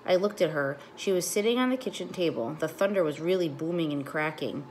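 Teacher reading to children: a woman with a low voice, clear and expressive, faint hum behind. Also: a little fast. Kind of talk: reading a children's book aloud.

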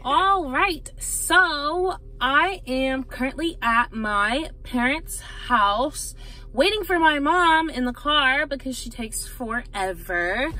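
A young woman vlogging casually from a parked car, chatty and gushing with excitement. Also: high voice, slow pace, low-quality recording. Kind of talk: casual vlog talk to camera.

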